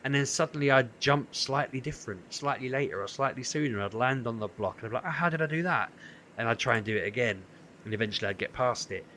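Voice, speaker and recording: A man's voice: mid-range voice, fast talker, slight background noise. A man, co-hosting a podcast, telling a story in casual chat and acting out what people said. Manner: animated storytelling, acts out quotes. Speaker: podcast co-host.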